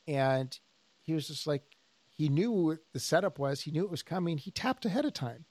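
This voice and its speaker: A man with a voice pitched somewhat high talks casually on a podcast, a jiu-jitsu instructor working through his points with stories. He plays out both sides of old conversations as he goes. The sound is close and dry. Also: moderate pace, no room sound. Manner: animated storyteller, acts out quoted dialogue.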